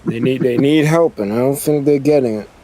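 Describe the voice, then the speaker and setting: A man's voice: mid-range voice, crowd noise. A man chiming in earnestly on a game stream, stumbling and restarting as he talks. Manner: earnest, halting, restarts his sentences. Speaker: streamer co-host. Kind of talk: casual chat while gaming.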